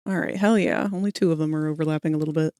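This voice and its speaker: A streamer chatting casually and quietly while working on a 3D model, musing aloud in a low-key way. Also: fairly even intonation, rapid-fire, smooth, no echo, clean studio sound.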